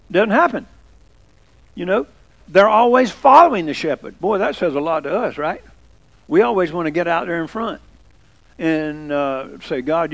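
A man's voice: sits high, creaky. An older man preaching a folksy sermon, chatting with the congregation and asking them questions. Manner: conversational, asks the congregation questions.

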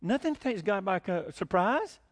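Animated high-voiced male preacher. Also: unhurried. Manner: animated preaching with rhetorical questions and chuckles. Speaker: pastor. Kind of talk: sermon.

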